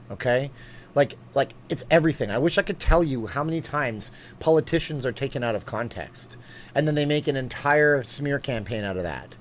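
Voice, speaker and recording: A man's voice: medium pitch, a little hiss or hum. A man hosting a casual live-stream chat, rambling from one topic to the next. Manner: rambling, chatty, quick asides and laughs.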